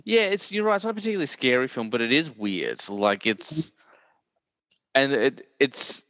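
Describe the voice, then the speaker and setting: A man's voice: medium pitch, very animated, moderate pace, a bit bright, no echo. A man hosting a casual podcast, chatty and rambling, laughing often as he talks. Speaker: podcast host. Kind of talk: casual chat.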